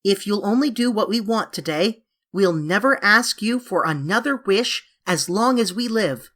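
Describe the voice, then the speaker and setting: A woman's voice: mid-range voice, expressive, moderate pace, fairly bright tone, voice pushed up. A woman voicing an eager, coaxing young English girl who pleads dramatically, in a storybook reading. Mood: pleading.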